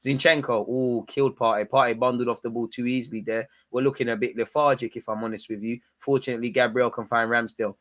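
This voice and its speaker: Animated man reacting to football. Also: medium pitch, fast, few pauses. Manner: animated, shouts at the referee, slangy banter. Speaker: football watchalong host. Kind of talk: live match reaction commentary.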